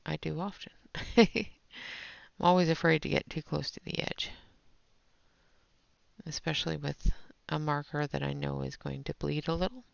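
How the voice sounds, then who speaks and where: Gravelly woman chatting on a colouring stream. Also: deep voice, steady tone, moderate pace, long pauses, no echo. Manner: chatty, talks to viewers in chat while working. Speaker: livestream host. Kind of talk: casual livestream chat while demonstrating colouring. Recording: dull lo-fi stream audio.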